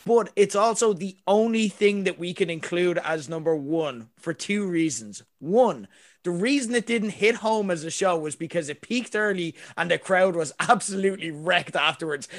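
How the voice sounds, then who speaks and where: A man's voice: high-pitched, normal speed, a bit bright. A man co-hosting a podcast, rambling and giggling through a casual story. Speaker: podcast co-host. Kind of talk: casual chat. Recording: echoey room, distant mic.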